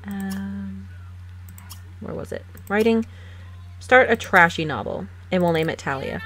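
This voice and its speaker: A woman's voice: medium pitch, expressive, a bit bright, slight background noise. Sassy woman narrating a life-sim game. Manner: playful, sassy, quick to laugh. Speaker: gaming channel host. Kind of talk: casual game commentary. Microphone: desk microphone.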